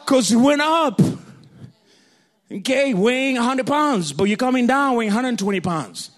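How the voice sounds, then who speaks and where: A man from Kenya, preaching a sermon through animated, jokey personal stories. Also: very high voice, normal speed. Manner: animated, jokey storytelling, laughs often.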